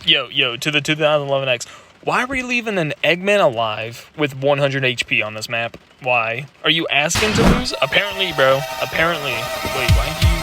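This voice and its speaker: A man's voice: mid-range voice, animated, a little fast. A young man giving casual gameplay commentary as a reaction host, coaching the player and stumbling over repeated fillers. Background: loud game music.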